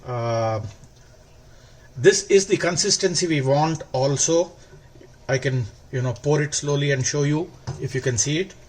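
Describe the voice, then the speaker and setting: Slow-talking man demonstrating a recipe. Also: fairly high pitch. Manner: slow, instructive, gently enthusiastic. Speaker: cooking show host. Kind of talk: cooking demonstration.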